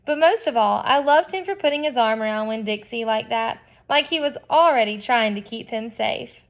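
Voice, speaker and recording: Expressive female reader of a children's novel, slightly high, chatty asides. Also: moderate pace. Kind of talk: reading a children's novel aloud.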